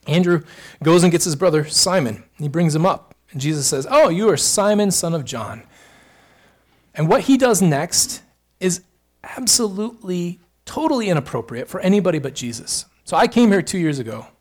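A man's voice: high voice, lively intonation. Earnest male pastor preaching. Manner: earnest preaching, rising emphasis, quick asides. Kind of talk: sermon.

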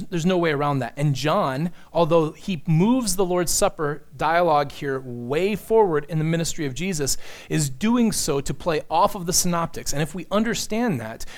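A man preaching a sermon, explaining scripture in an earnest teaching manner and acting out quoted lines. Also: a little high. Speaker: pastor.

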